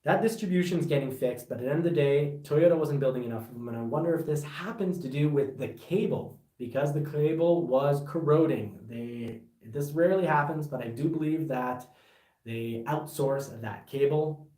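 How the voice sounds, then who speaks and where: A man from Canada giving casual car-buying advice as a vlog host, getting animated and worked up, with rambling restarts. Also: fairly high pitch, normal speed, far from the mic. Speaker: car reviewer. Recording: echoey room, voice a bit off-mic.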